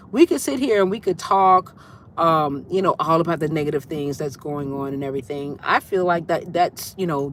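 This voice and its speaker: A woman's voice: low-pitched, slight background noise. A woman hosting a casual spiritual livestream, talking loosely and greeting her viewers by name as she goes. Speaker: livestream host.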